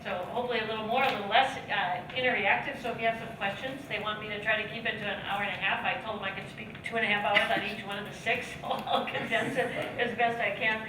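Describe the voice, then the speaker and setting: A woman's voice: medium pitch, fairly even intonation, quick pace, hardly any pauses. Chatty American woman in an echoey hall. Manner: jokey and chatty, laughing at her own lines. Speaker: guest speaker and trainer. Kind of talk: seminar talk to a live audience. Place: large hall with an audience. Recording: echoey hall, distant mic, audience noise.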